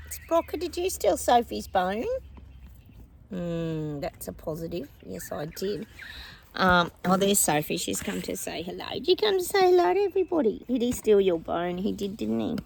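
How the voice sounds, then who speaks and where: A woman's voice: medium pitch, creaky, a little hiss or hum. A middle-aged woman hosting her psychic channel from home, chatting casually to viewers, exclaiming often and scoffing with laughing asides. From Australia. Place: home with dogs.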